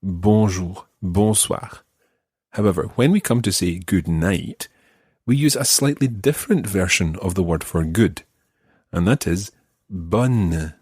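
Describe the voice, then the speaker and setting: Low husky Scottish man teaching. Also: expressive, a little mellow, no room sound, clean studio sound. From Scotland. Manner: patient, slow careful modelling of words. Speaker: language teacher. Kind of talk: podcast language lesson.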